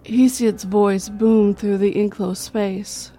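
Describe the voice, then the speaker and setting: A woman reading a horror story in a slow, measured storytelling way. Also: mid-range voice, flat delivery, warm tone, soft background music. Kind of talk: scripted horror narration.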